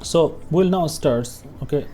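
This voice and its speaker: A man's voice: on the high side, a little slow, warm tone, soft background music. A man teaching pronunciation over a lesson walkthrough, repeating example words and often checking in with "okay?". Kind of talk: screen-share lesson walkthrough.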